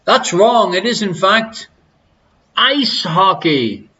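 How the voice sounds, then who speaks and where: A man's voice: sits high, lively intonation, slow, pushed and bright, dull audio. An Irish man hosting a live quiz from his living room, reading questions and cracking teasing, crude jokes. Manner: jokey, teasing, crude asides. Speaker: quiz show host. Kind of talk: live-streamed pub quiz banter.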